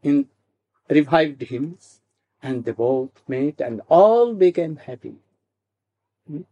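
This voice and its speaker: Slow, mellow-voiced man telling a devotional story. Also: fairly high pitch, animated, muffled recording. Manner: slow, halting, many restarts and asides, asks "hmm?".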